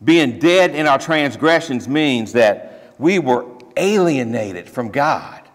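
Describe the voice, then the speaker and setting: A man preaching a sermon as pastor, talking in an emphatic, conversational way with plain everyday phrases. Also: mid-range voice. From Ohio. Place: church sanctuary. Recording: long church reverb.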